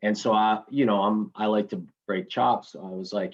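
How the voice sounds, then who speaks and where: A middle-aged man with a husky, lowish voice spins coaching stories in a long interview. He circles back, restarts sentences and tags them with "right?" The sound is dull and lo-fi, like a remote call. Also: fairly even intonation, normal speed. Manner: storytelling, rambling with restarts and tag questions. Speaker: college baseball head coach, guest. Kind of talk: conversational interview storytelling.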